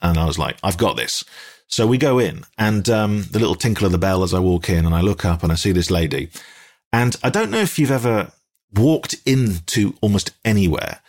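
Lively low-voiced Englishman spinning a yarn. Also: fairly quick. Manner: rambling, hesitant, self-deprecating. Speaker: guest. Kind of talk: casual storytelling in conversation.

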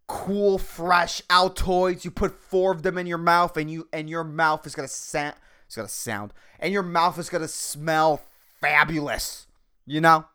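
Laid-back guy rambling on his podcast, slow and unhurried, cusses a lot, keeps saying dude. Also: clear, resonant tone. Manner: rambling, profane, peppered with "man" and "dude"; low, soft-spoken drawl. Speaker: podcast host. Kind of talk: casual solo podcast rant.

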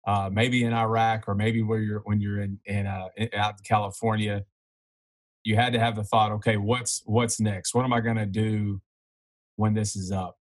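A man interviewing a guest, asking questions in a halting way with repeated words. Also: on the low side, flat delivery.

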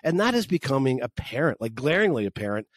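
A man's voice: mid-range voice, big pitch swings, fast, dry recording, studio quality. Man from Canada rambling about sports. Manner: rambling, many fillers and restarts, complaining. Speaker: podcast co-host. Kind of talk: casual chat.

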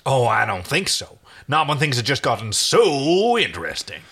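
A man's voice: medium pitch, very animated, normal speed, a bit bright, breathy edge, voice pushed up, heavily acted. A man voicing a brash, mocking male space captain who taunts in a sing-song way. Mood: taunting.

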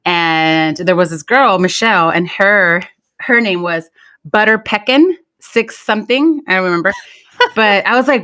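A woman's voice: medium pitch, animated, normal speed, sharp tone. Woman podcast co-host, Spanish-first speaker, chatty and laughing, casual storytelling. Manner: laughs often while telling stories, switches into Spanish. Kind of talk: casual chat.

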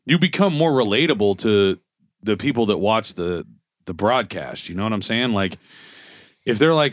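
A man's voice: mid-range voice, lively intonation, normal speed, fairly bright tone, no room sound. A man co-hosting a podcast in casual chat, swearing and laughing as he tells stories. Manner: profane, laughing storyteller. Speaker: podcast co-host.

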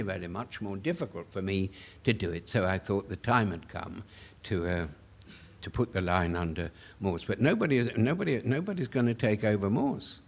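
A man's voice: medium pitch, vocal fry. An older man tells stories at a public Q&A. He keeps stumbling over and repeating his words, with little chuckling asides. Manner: stammering repetitions, chuckling asides. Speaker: author guest at a public Q&A. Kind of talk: anecdotal storytelling.

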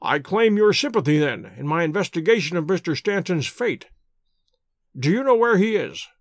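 Brief: male reader doing a calm, wry, courteous detective, lively delivery. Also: high-pitched, dry recording, clean studio sound. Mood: probing. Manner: measured, courteous, gently ironic.

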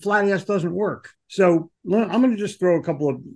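A middle-aged man hosting a casual chat, talking bluntly with profanity and quick asides. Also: high voice, mellow.

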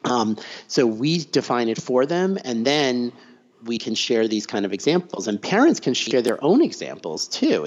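Animated middle-aged man telling stories. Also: medium pitch. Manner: animated storyteller acting out quoted voices. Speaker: guest. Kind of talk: conversational interview. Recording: dull, slightly lo-fi recording.

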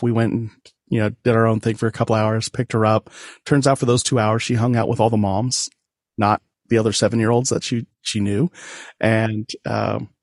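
A man in his forties, appearing as a podcast guest, tells a personal family story with candid, self-deprecating humor and laughs often. His voice is medium-pitched, and the recording is dry and studio quality.

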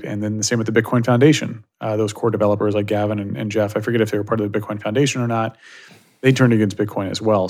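A man's voice: fairly low pitch, darkish tone. A man speaking as a guest in a casual interview, thoughtful and rambling with lots of fillers. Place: Silicon Valley.

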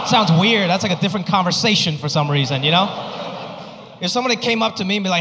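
A man performing a stand-up comedy set, telling stories and acting out his bits with animated delivery. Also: high-pitched, a little fast, slight background noise. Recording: live stage recording in a reverberant hall.

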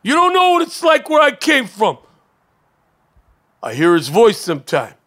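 A man voicing a traumatized old soldier who cannot let go of a lost comrade. His voice climbs high and swings wildly, dropping to bitter mutters then bursting into shouts. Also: huge pitch swings, normal speed, heavily acted. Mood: anguished ranting. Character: bitter traumatized male war veteran, ranting.

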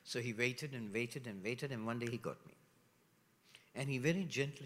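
A middle-aged man preaching a sermon as pastor, with animated rhetorical questions, dropping to hushed asides and rising loud again. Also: mid-range voice, moderate pace. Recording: long reverb of a large hall.

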